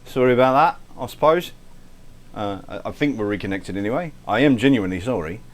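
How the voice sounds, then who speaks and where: While cooking on a livestream, a man talks casually in a low, animated voice at a slightly fast clip. He thanks viewers by name, swears a little, interrupts himself often, and sustains a put-on accent of unnamed origin throughout.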